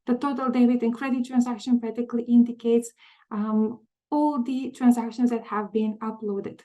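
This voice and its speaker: A woman presenting a software walkthrough in a webinar, methodical, often pausing with "um" and repeating words. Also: a little high, steady tone, rough recording. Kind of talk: webinar screen-share walkthrough.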